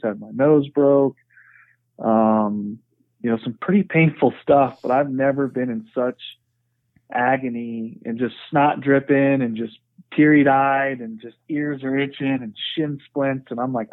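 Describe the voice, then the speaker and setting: A man in the middle of a frank, earnest story, speaking at an ordinary pitch and leaning on "you know" as he goes. The sound is narrow and tinny, like a phone line, and bone-dry with no room around it. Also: no echo. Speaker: podcast guest. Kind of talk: conversational storytelling.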